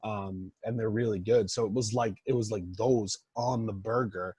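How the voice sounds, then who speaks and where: A man's voice: fairly low pitch, steady tone, moderate pace, dark tone, husky, no room sound. A young man co-hosting a podcast in casual chat, rambling with lots of fillers and "like"s. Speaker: podcast co-host.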